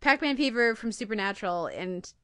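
A woman's voice: mid-range voice, expressive, brisk, sharp tone, no room sound, clean studio sound. A woman hosting a TV podcast, chatting casually and getting emotional about favorite scenes. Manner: emotional, gushing. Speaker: podcast host. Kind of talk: casual TV review chat.

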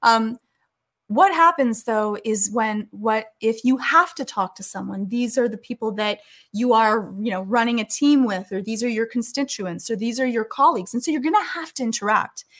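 A woman giving calm, earnest advice in a conversation, acting out the things people say to each other. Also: on the high side, normal speed. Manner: calm, earnest, acts out quoted speech.

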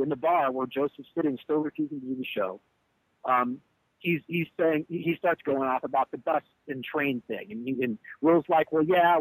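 A man with a fairly high, breathy-edged voice recounts with heat and plenty of swearing how his bandmate walked off a show. The band leader acts out the quotes animatedly in candid interview storytelling, captured in a dry, poor-quality recording.

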